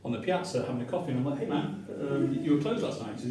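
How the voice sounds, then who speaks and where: Racing along at medium pitch, this middle-aged man from Manchester entertains a restaurant audience with a funny, self-deprecating story, voicing each character he quotes. The recording catches an echoey room from a distance, with a little hiss or hum.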